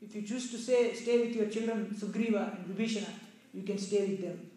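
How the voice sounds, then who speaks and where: A stern warrior prince, as a man puts him on, delivering formal words coldly. His fairly high voice rings through a heavily echoing room. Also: steady tone, fairly quick, dark tone, far from the mic, close to an everyday voice. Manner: cold, formal refusal.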